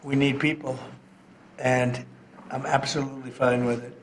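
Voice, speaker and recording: A man speaks off the cuff in a monotone, halting and repeating himself as he goes. Room ambience and clear background noise run under his voice in the played clip. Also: mid-range voice. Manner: halting, repeats words and restarts. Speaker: politician at a public signing. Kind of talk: off-the-cuff public remarks.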